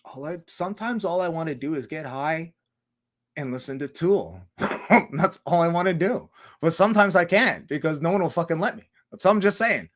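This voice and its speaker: Rambling, cursing man with a higher voice. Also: moderate pace. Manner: heavy swearing, laughing often, rambling with restarts. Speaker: livestreamer. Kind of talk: casual rambling stream chat.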